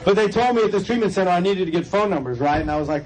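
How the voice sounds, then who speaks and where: A man's voice: sits high, lively intonation, very fast, low-quality recording. A man from California speaking at a recovery convention, telling his personal story in a loose, joking way with asides to the audience. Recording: crowd and noise behind. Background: audience laughter and room noise.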